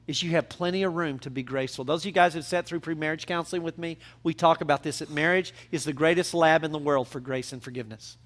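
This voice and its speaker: High-voiced pastor guy preaching, chatty then punchy and loud. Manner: conversational preaching, building to emphatic peaks. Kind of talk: sermon.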